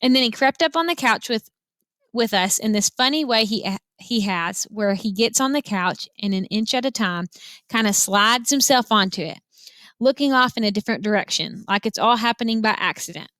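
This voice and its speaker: Woman teacher reading a novel to her class, expressive, bright and dry. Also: fairly high pitch, a little fast, no room sound. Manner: directs listeners to follow along, expressive read-aloud. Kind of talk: reading a novel aloud to students.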